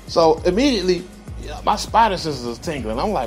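A man's voice: high-pitched, expressive, takes it slowly, long pauses, faint music behind. Profane, laughing male storyteller. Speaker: correctional officer telling a work story. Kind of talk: casual storytelling.

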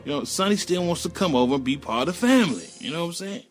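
A man's voice: fairly high pitch, very fast, soft background music. Profane man telling a story. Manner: profane, emphatic, animated. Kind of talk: casual storytelling.

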